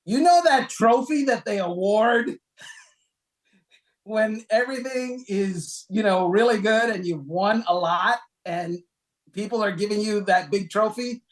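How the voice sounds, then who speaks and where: A man co-hosting a casual sports talk show, counting down a list with lively, emphatic delivery and rhetorical questions. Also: unhurried, poor audio. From Cuban heritage, raised in South Florida. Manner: animated, rhetorical questions, emphatic pitch jumps.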